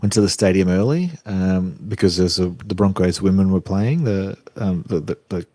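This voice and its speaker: A man with an Australian accent co-hosting a casual podcast, telling stories in a relaxed, chatty way. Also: deep voice, normal speed, no echo. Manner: laid-back storytelling, chatty. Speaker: podcast co-host. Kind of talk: casual chat.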